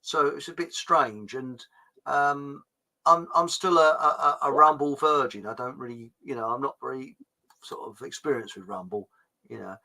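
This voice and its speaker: A man's voice: mid-range voice, normal speed, vocal fry, bright, forceful tone, poor audio. A man hosting a casual livestream chat, rambling and hesitant with many ums and restarts. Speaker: host.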